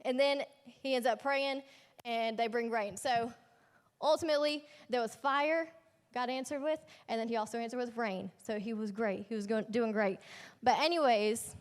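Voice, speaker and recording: A woman's voice: fairly high pitch, steady tone, moderate pace. A young woman leading a youth ministry, preaching a casual sermon in a chatty, slangy storytelling way with playful asides. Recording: echoey hall.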